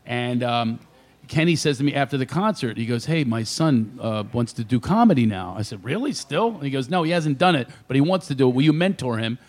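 A comedian guest telling stories on a radio show, full of energy and loud impressions of his friends. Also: mid-range voice, a little fast. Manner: animated storyteller, shouts impressions of friends. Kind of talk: casual radio chat, storytelling.

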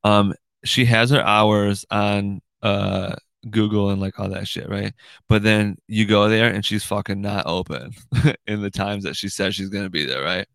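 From a room in his house, a young man hosts his show with a rambling, foul-mouthed casual monologue punctuated by "dude" and "right?" His lowish voice has vocal fry and a slight brightness, with fairly even intonation at an unhurried pace and no room sound.

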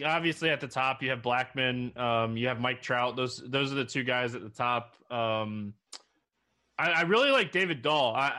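A man's voice: medium pitch, pushed and bright. A man giving fantasy baseball picks in a casual chat, with many "like" fillers. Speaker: co-host analyst. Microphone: desk mic.

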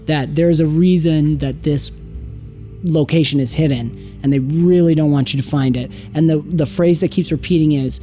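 A woman narrating as game master of a tabletop game, giggly and lively. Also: low voice, normal speed, soft background music.

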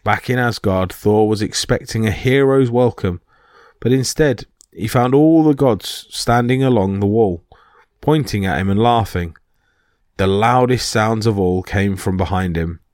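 Man, low voice, steady storytelling narration, dry close sound. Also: unhurried, no echo. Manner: steady reading with small slips. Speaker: podcast host and narrator.

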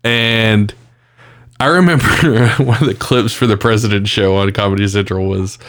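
A man co-hosting a podcast, chatting casually and profanely about politics. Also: on the low side. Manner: profane, animated, quick to laugh. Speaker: podcast co-host.

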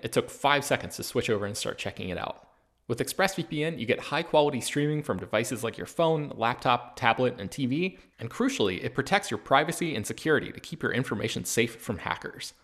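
Guy hosting a movie news podcast, laid back, lots of ums and uhs, mid-pitched voice. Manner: relaxed, many ums and uhs. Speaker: podcast host and film editor. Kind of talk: casual podcast chat with read ads.

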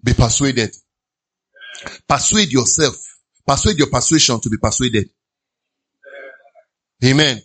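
A man with a Nigerian accent preaching an animated sermon in a church, at times mimicking sighing listeners. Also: mid-range voice, takes it slowly, long pauses. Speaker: pastor.

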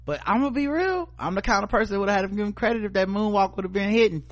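A man's voice: sits high, lively intonation, very fast, dull audio. A man co-hosting a podcast, riffing in casual comedic chat with profane, laughing delivery. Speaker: podcast co-host.

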